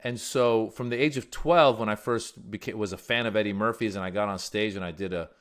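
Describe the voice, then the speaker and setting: A man from Iran, a guest comedian, telling stories in a casual, animated way. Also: lowish voice, fairly quick. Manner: animated storyteller. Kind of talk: casual storytelling.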